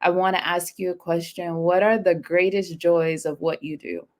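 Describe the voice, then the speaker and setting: Female interviewer, lower register, affirming and reflective. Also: steady tone, normal speed. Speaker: interviewer host. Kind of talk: casual interview talk.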